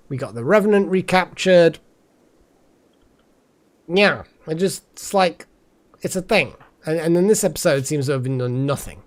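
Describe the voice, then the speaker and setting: Playing a game on stream, a man with a higher, somewhat mellow voice rambles chattily, repeating words. He sounds tired and yawns as he comments.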